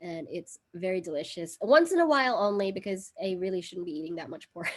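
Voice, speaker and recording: A woman's voice: on the low side, animated, quick pace. Chatty woman hosting a live stream. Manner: chatty and giggly, frequent fillers. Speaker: livestream cooking host. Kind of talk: casual live-stream chat. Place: home in Brooklyn.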